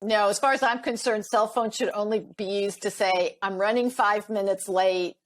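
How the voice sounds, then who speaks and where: On a podcast interview, a middle-aged marriage coach speaks at normal speed in a mid-range voice. She's lively and laughs often, acting out the dialogue she quotes.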